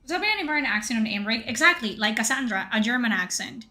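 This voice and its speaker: A woman's voice: fairly high pitch, lively intonation, quick pace, sharp tone. A woman streaming a video game, rambling sarcastically and swearing freely as she comments on it. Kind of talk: live gameplay commentary. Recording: game music underneath.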